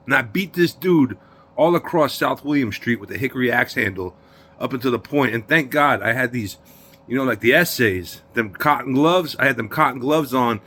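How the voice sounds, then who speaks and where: A man's voice: mid-range voice, moderate pace. Streetwise New man telling a story. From New York. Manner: streetwise slang, emphatic and animated. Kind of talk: storytelling in an interview.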